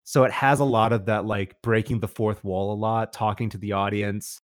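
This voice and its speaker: A man's voice: lowish voice, fairly even intonation, moderate pace, no echo, studio quality. A man in casual chat, recommending a show with rambling enthusiasm, full of restarts and fillers.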